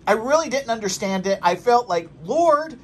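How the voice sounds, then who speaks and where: A man who works as a pastor and co-hosts a chat podcast about faith, telling stories in a lively way and often laughing as he talks. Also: high-pitched, fairly quick, slight background noise. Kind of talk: casual faith chat, storytelling.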